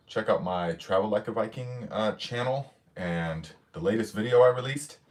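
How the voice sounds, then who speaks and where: A man with a low voice hosts a casual livestream, chatting loosely, reading viewer comments aloud and greeting people. He sounds slightly out of breath.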